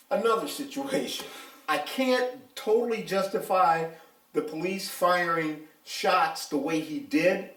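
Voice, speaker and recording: An older man with a high voice talks bluntly and emphatically, his pitch leaping around as he tells the story. He sits some distance from the mic, in a room with a lot of echo. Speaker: retired police officer, interviewee. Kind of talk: casual interview talk.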